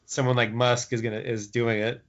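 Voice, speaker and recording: A man's voice: medium pitch, little pitch movement, fairly quick, a little hiss or hum. A man co-hosting a podcast in casual chat, easygoing and musing, with many "you know"s. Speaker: podcast co-host. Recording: dull lo-fi podcast audio.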